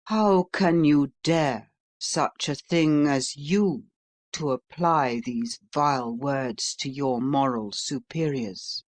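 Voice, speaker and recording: A reader voicing a calm, lofty gentleman. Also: medium pitch, close to an everyday voice. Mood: calm contempt. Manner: calm, measured, lofty and contemptuous. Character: calm, self-righteous young gentleman lover. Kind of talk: audiobook character reading.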